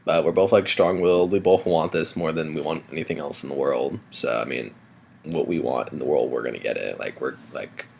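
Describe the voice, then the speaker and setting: A man's voice: very deep voice, gravelly, a little hiss or hum. A young man in his early twenties, chatting casually in a vlog and telling stories loosely with filler words. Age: young adult. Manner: relaxed storytelling with filler words. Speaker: vlogger. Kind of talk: casual chat.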